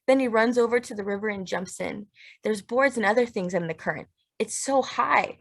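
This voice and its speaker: A woman narrating a literary audiobook in a steady, measured, plain way. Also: on the high side, vocal fry.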